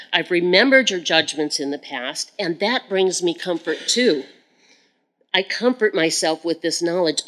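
A woman's voice: fairly low pitch, fairly bright tone, poor audio. A woman giving an earnest sermon as a Bible teacher. She repeats phrases for emphasis and often turns to speak to God directly in prayer.

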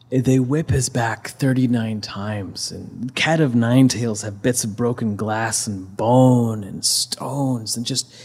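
Preacher, male, husky mid-pitched voice, loose conversational storytelling with fillers. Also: a little mellow. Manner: conversational, with many fillers and restarts. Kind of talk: casual retelling of a scripture story.

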